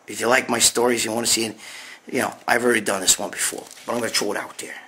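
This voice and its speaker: A man's voice: lowish voice, little pitch movement, very fast, bright, forceful tone, a little hiss or hum. A middle-aged man hosting a show, ranting and telling stories in a brash, profane, blunt way. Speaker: host. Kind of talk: profane monologue rant and storytelling.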